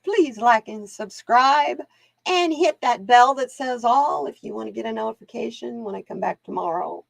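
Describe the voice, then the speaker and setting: A woman's voice: on the high side, expressive, normal speed, vocal fry, no echo. A woman hosting live card readings, chatting casually to viewers and laughing often as she wanders off into stories. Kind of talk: casual livestream chat.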